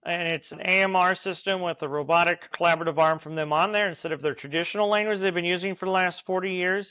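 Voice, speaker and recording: A man, an automation engineer, telling work stories in a casual interview, animated and laughing now and then. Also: sits high, fast talker, clean tone, no echo. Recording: tinny phone-like remote call line.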